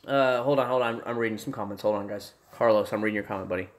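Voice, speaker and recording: A young man casually chatting to his livestream viewers from a room at home, rambling, restarting sentences and breaking into excited bursts. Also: on the low side, racing, noisy background. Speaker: livestream host. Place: home room with desk and gear.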